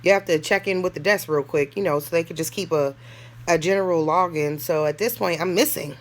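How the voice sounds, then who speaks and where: A woman's voice: on the low side, brisk. A woman telling her own story in a casual storytime monologue, candid and blunt, with lots of slang and swearing, laughing now and then and acting out what others said. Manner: laughs through the telling and acts out other people's lines. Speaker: storyteller vlogger.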